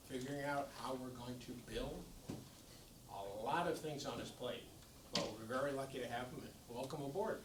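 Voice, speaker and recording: A man introduces a guest speaker to his club, speaking very slowly with many pauses. He sounds far from the mic in a reverberant hall, with clear background noise. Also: mid-range voice. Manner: measured and halting, with pauses. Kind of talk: formal introduction. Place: meeting hall.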